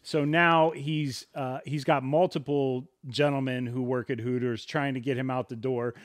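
A man from rural Ohio telling a story on a podcast with an animated, joking delivery. His voice sits at an ordinary pitch, and the close mic sounds dry, with no room around it. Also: normal speed, no echo. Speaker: podcast co-host. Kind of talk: casual storytelling chat.

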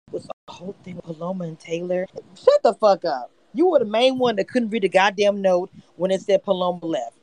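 A woman hosting a live chat about a reality show, blunt, profane and quick to laugh. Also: medium pitch, darkish tone, no echo, rough recording. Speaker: show commentary host.

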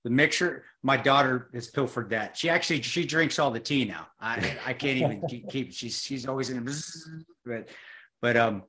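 A man's voice: medium pitch, normal speed, pushed and bright. A middle-aged man co-hosting a podcast, casual and self-deprecating, chuckling as he talks.

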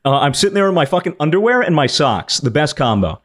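A man's voice: on the high side, very animated, quick pace, fairly bright tone. A young man animatedly telling a story to friends, swearing and laughing as he goes. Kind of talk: casual storytelling chat.

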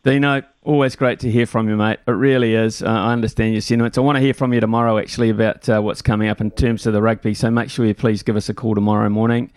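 Smooth, dry-voiced New radio host. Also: male voice, on the low side, fast, hardly any pauses, no echo. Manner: relaxed, chatty, thanks callers by name. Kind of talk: sports talkback radio. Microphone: studio microphone.

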